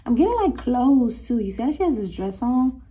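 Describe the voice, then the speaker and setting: A woman's voice: fairly high pitch, big pitch swings, moderate pace, mellow. A young woman giving a casual tarot reading, talking straight to viewers in a sassy, teasing way. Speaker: tarot reader.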